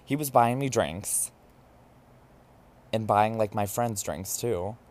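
A man's voice: lowish voice, takes it slowly, a little mellow. A man telling a story in a chatty, gossipy way, full of "like" fillers. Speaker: vlogger. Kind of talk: casual storytelling.

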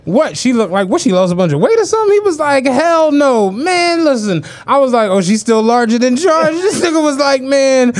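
A man co-hosts a laid-back podcast and spins a story with a pitch that leaps all over. He drops into different voices for the people he quotes and keeps the slang flowing. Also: moderate pace, few pauses. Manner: animated anecdote-telling, acts out quoted voices, slangy. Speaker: podcast co-host. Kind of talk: casual podcast chat, storytelling.

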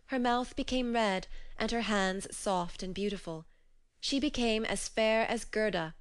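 Female audiobook reader for myths; smooth, clean tone, steady measured delivery. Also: mid-range voice. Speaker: audiobook narrator. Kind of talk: scripted storybook narration.

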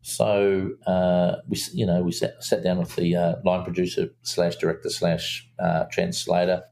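Gravelly low-voiced man telling stories. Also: normal speed. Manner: animated storyteller, acts out quotes in a raised voice, many fillers and restarts. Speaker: film director guest. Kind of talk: casual storytelling interview.

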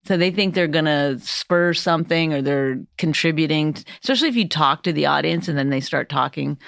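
Comedian guest, lowish woman's voice, blunt and salty, dry close mic. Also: fairly quick, vocal fry, dry recording. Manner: blunt, profane and animated storytelling. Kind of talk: casual podcast chat.

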